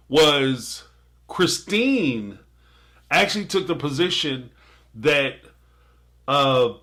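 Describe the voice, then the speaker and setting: Male live-stream host, slightly high bright voice, jokey and quick to laugh. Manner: joking, laughs often, playful asides. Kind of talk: casual live-stream commentary, reading super chats.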